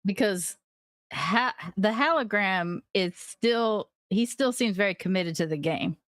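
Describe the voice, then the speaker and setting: A woman's voice: medium pitch, expressive, unhurried, fairly bright tone, dry recording. A woman co-hosting a podcast, asking questions and floating theories in casual chat. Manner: inquisitive, theorizing. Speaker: podcast co-host.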